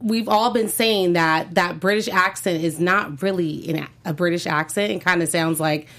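A woman's voice: fairly low pitch, moderate pace, a bit bright. A woman co-hosting a casual entertainment news show, chatty and loose, often laughing along. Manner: chatty, hedging with fillers and laughs. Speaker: co-host.

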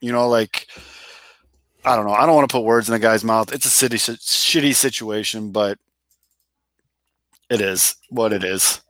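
A man's voice: on the low side, moderate pace, pauses often, fairly bright tone, no room sound. A man co-hosting a casual sports talk show, chatting loosely with restarts and the odd swear word. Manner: conversational, rambling with restarts and swearing. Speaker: podcast co-host.

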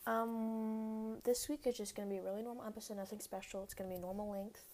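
A young woman hosts a casual solo podcast, rambling with many fillers, leaning heavily on "like" and dropping quick laughs. Her voice is a little high and a little mellow, with a flat delivery.

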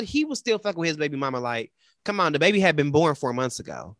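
Guy spilling a story on a podcast, pitch jumping all over, dry close sound. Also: brisk, no room sound. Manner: animated, dramatic retelling with quoted voices. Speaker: podcast co-host. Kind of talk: casual storytelling chat.

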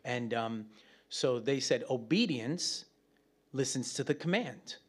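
A man preaching a conversational Bible teaching, animated and chatty, with joking asides to the room. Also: mid-range voice, takes it slowly, husky.

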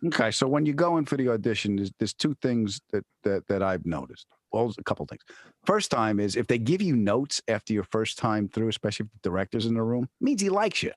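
Husky man telling a wild story. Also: very animated, brisk, no echo, clean studio sound. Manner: acts out friends' voices, shouting in high pitch. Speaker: guest comedian and actor. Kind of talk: animated storytelling in casual chat.

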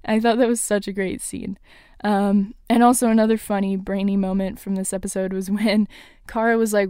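A woman's voice: mid-range voice, moderate pace, dark tone, smooth, dry recording, studio quality. A young woman casually recapping a TV episode, gushing and laughing often, with lots of fillers. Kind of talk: casual solo recap chat.

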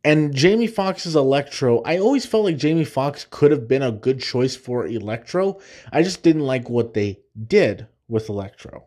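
A man's voice: medium pitch, expressive, moderate pace, darkish tone. A man hosting a podcast, enthusiastically rambling through a spoiler-heavy film breakdown and now and then laughing and humming movie themes. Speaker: podcast host.

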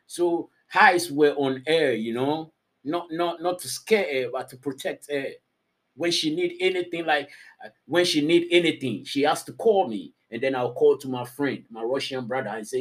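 A man's voice: a little high, moderate pace. Rambling slangy man on a live stream. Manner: loose, rambling, repeats himself, slangy. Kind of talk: casual live-stream chat.

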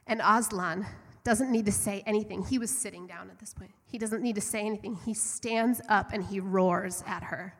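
Middle-aged woman, earnest storytelling sermon, mid-pitched, long hall reverb. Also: steady tone, brisk, few pauses, fairly bright tone. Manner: earnest, fervent, conversational. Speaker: church speaker.

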